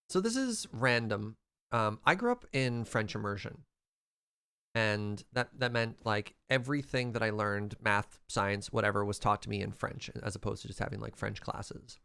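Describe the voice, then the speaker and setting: A young man from Western Canada chatting casually while streaming a game, quick to laugh and reading out chat. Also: on the low side, vocal fry, fairly bright tone, smooth. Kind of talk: casual gameplay livestream chat.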